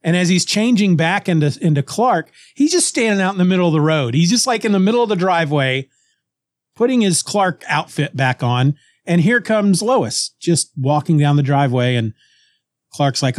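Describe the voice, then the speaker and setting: A man co-hosting a chatty podcast, retelling a comic plot with animated energy and frequent restarts. His voice sits a little high for a man. The sound is dry and close, with no room echo. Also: moderate pace. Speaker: podcast co-host. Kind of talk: casual chat retelling a comic story.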